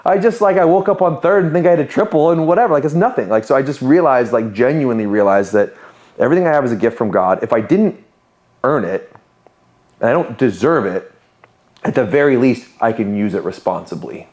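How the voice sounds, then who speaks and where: A business owner in his 30s, speaking in a mid-range voice at a fairly quick pace, guests on a podcast and tells personal stories. The talk is casual interview storytelling, candid and animated, full of quoted voices.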